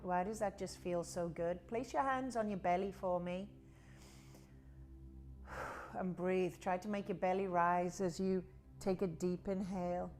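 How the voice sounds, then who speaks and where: A woman teaching a guided yoga class, talking in a slow, soothing, drawn-out way. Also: lowish voice, fairly even intonation, darkish tone, faint music behind. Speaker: yoga instructor.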